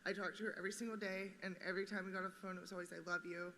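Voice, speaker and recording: A young woman speaking at a memorial on stage, animated, acting out her friend's words and laughing. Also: fairly low pitch, very fast. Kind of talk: personal storytelling. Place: large theater stage. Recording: long reverb in theater, faint background noise.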